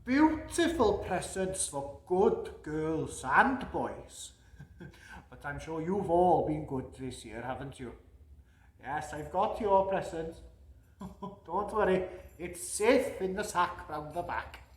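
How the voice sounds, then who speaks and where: A man's voice: fairly high pitch, animated, takes it slowly. A man playing Santa Claus, reading a storybook aloud to children with chuckles and chatty asides. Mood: jolly. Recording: echoey room.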